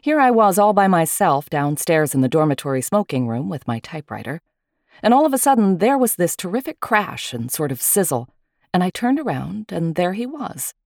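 Low, lively woman telling a story. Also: moderate pace, vocal fry, no room sound, studio quality. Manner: lively, wry first-person telling. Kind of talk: storytelling narration.

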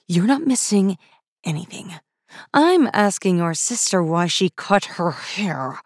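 A woman reading the part of a stern queen mother who scolds her daughter through gritted teeth, in a clipped, measured way. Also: mid-range voice, very animated, husky, dry recording, clean studio sound, full character voice. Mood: scolding.

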